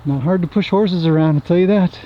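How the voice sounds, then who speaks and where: A man's voice: high-pitched, a little fast, muffled recording, slight background noise. A man, a horse trainer, chatting casually as he works his horses outdoors and talks fondly to them. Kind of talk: casual commentary while working horses.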